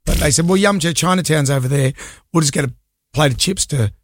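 A man's voice: a little high, quick pace, no room sound, studio quality. A middle-aged man with an Australian accent, co-hosting a radio show and telling a rambling story in casual banter. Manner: rambling anecdotal storytelling with laughs. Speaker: radio co-host.

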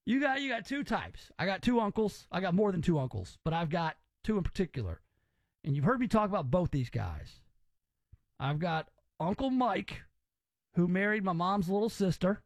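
High-voiced opinionated man. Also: sing-song, moderate pace, no room sound. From Southern US. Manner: opinionated and rambling. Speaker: podcast host. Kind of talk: casual chat.

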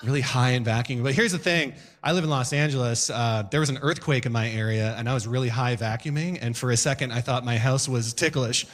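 A man doing a stand-up set on stage before a live audience, animated, breaking into shouted voices and sound effects. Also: medium pitch, a little fast, few pauses, slight background noise. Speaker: stand-up comedian.

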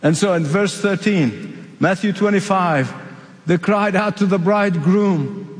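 A man's voice: sits high, measured pace. A man from the Middle East preaching a sermon, emphatic and repeating his key phrases for weight. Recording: long hall reverb.

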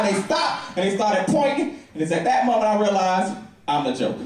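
Male stand-up comic, lively storyteller, distant mic, roomy club sound. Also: sits high, moderate pace, music in the background. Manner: animated storytelling with voiced characters. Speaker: stand-up comedian. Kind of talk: stand-up comedy routine. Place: comedy club stage. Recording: echoey club from a distance, crowd.

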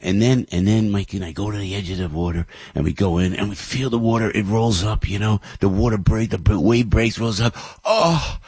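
A man's voice: lowish voice, a little fast, hardly any pauses, a little mellow, slightly rough, no echo. A man, host of a show, telling a rambling, emotional story about his family with many restarts. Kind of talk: casual storytelling monologue.

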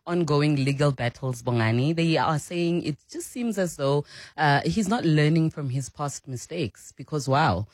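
Woman doing listener feedback on radio, dry mic, measured and agreeable. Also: deep voice, a little mellow, no room sound. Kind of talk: radio news chat. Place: radio studio.

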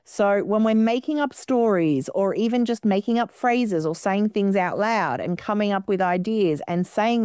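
A woman guest in an interview, explaining her ideas in long, flowing, expressive sentences. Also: mid-range voice, clear, resonant tone, no echo, studio quality. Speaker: guest musician. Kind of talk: radio interview.

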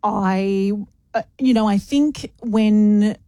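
A woman's voice: mid-range voice, drawn-out words, dark tone, no echo, clean studio sound. A woman in her thirties hosting breakfast radio, chatty and emotional, laughing often. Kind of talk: casual studio banter.

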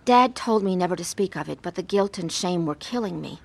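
A woman earnestly narrating her own life story, acting out her scenes with deep emotion. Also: animated, fairly quick, vocal fry. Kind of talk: dramatized testimony narration.

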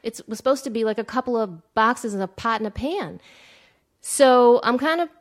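A woman in her thirties telling a personal story, animated and breathless, acting out the lines she quotes. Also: fairly high pitch, normal speed.

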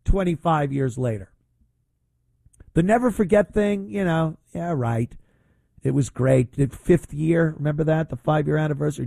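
Blunt, indignant talk radio host. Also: male voice, on the high side, expressive, moderate pace, vocal fry, warm tone, dry recording. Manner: blunt, indignant, rambling with fillers.

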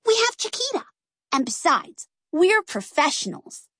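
A woman's voice: high-pitched, sing-song, a little slow, pushed and bright, dry recording, studio quality, pitched above the performer's own voice, full character voice. Dot, a woman doing a bold young girl spy. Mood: eager.

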